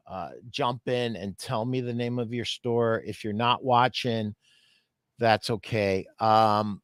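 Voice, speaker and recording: Older guy hosting a live q&a, slow careful talker, dry mic. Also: mid-range voice, fairly bright tone, clean tone, dry recording. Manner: slow, measured, advising. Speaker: show host and retail consultant. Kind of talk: live Q&A talk show.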